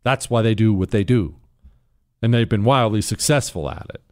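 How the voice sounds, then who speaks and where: A man's voice: on the low side, normal speed, darkish tone. A man hosting a talk show, speaking in a heated, emphatic and mocking way. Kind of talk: opinionated political talk.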